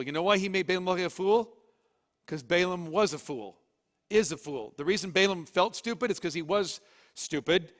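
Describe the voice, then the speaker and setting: Lively storytelling pastor in a church hall. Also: male voice, high-pitched, moderate pace. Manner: animated storytelling, jokey. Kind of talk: sermon. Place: church auditorium. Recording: long reverb of a church hall.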